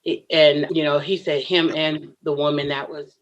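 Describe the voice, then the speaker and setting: A woman's voice: low-pitched, level tone, moderate pace, highs cut off, slight background noise. A woman, a podcast guest, earnestly telling a personal story and laughing often between lines.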